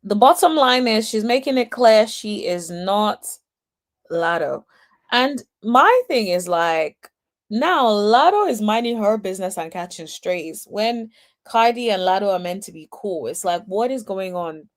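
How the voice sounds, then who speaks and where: A woman hosts a casual reaction commentary and talks straight to her viewers and chat. She speaks in an unhurried, drawn-out way with chatty, exasperated asides. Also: medium pitch, animated. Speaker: host.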